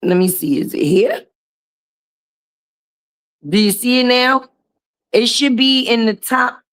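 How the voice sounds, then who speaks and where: A hoarse-voiced woman hosting a casual live stream from a garage, chatting and greeting viewers by name and calling them baby. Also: a little high, lively intonation, slow, fairly bright tone.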